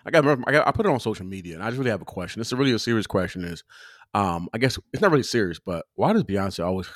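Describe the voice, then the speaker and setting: A man's voice: on the low side, expressive, very fast, no echo, studio quality. A man co-hosting a podcast in casual, laid-back banter, teasing his partner. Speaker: podcast co-host. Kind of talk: casual chat.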